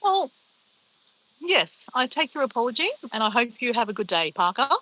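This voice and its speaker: Australian woman, middle-aged, livestream host; bright, slightly high voice, chatty and unbothered. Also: very animated, moderate pace, no echo, low-quality recording. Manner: chatty, upbeat, brushes off insults. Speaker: livestream host reading chat. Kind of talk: casual livestream chat.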